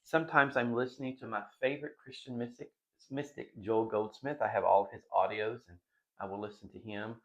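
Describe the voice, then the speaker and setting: Gravelly man chatting in a vlog. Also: lowish voice, fairly even intonation, fairly quick. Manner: chatty, rambling, giggly. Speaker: vlog host. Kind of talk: casual home vlog. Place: dining room at home.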